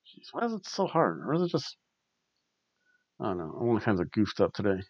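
A man's voice: on the low side, wildly swooping pitch, brisk, no echo. A man hosting a casual wrestling review podcast, rambling wryly and chuckling often. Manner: rambling and wry, with frequent chuckles. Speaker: podcast host. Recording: dull lo-fi dry recording.

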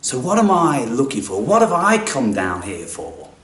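A man delivering a theatrical spiritual monologue, swinging from hushed whispers to loud outbursts. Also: mid-range voice, huge pitch swings, moderate pace. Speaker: spiritual video maker. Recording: echoey room, distant mic.

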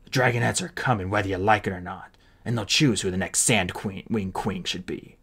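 A man's voice: sits low, brisk, a bit bright, breathy edge, full character voice. A man voicing a defiant, wounded male ice dragon who speaks strained through pain.

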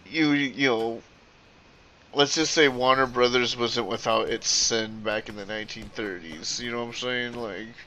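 A man's voice: mid-range voice, fairly even intonation, measured pace, bright, forceful tone, slight background noise. A man streaming while gaming, rambling in casual chat with lots of fillers and casual swearing.

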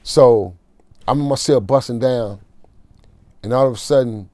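Man telling a prison story, dark-toned. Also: measured pace, no echo. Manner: street slang, emotional prison storytelling, drops to a low murmur. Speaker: interview guest. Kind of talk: storytelling in a casual interview.

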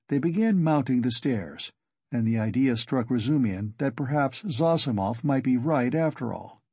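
Male audiobook narrator, husky, expressive pitch, dry close recording. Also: moderate pace, dry recording. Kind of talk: scripted narration.

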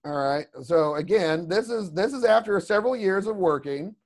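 A man's voice: high voice, lively intonation, normal speed. A man teaching a creature design class over a video call, chatty and rambling with lots of asides. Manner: rambling, chatty, lots of "you know what I mean". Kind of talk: casual online class talk.

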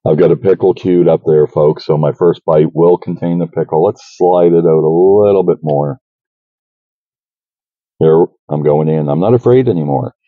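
A man's voice: rumbling low, moderate pace, no room sound, phone-quality sound. A man doing a casual food review vlog, chatty and enthusiastic, talking to his viewers as folks.

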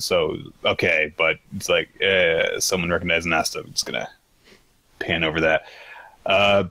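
A man hosts a casual manga recap podcast, rambling through the plot with many fillers and exasperated asides. His voice is deep and forceful. The sound is dry and close. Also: big pitch swings, moderate pace, no echo. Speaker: podcast host.

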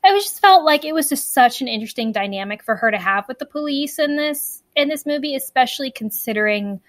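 A woman co-hosting a podcast in casual chat, talking fast and loose with lots of fillers and restarts. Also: high voice, animated, no room sound. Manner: chatty, many fillers and restarts. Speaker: podcast co-host.

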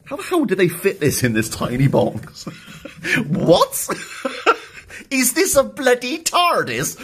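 A man unboxing a package in a casual vlog, joking and laughing, excited and upbeat. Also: high voice, breathy edge. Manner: excitable, jokey, laughs often. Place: indoors, later outside in his back garden.

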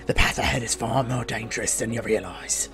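A man voicing a mysterious male elf quest-giver in a strange put-on accent, low and hushed. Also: brisk, over music, lightly acted. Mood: grave, hushed.

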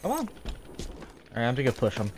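A man giving live commentary over his own gameplay, rambling and excitable, swearing freely. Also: mid-range voice, quick pace, a little hiss or hum. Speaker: gaming streamer.

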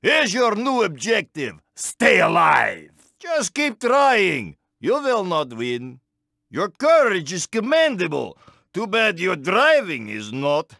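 A man's voice: high-pitched, wildly swooping pitch, slow, vocal fry, pushed and bright, no room sound, studio quality, full character voice. An actor playing a shifty little male French car in a video game, taunting rivals in a theatrical French accent. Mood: mocking. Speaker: game character.

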